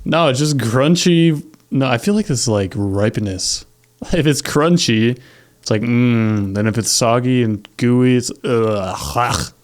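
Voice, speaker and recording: A man's voice: medium pitch, animated, unhurried. A man chatting casually on a podcast as a YouTuber guest, easygoing and joking.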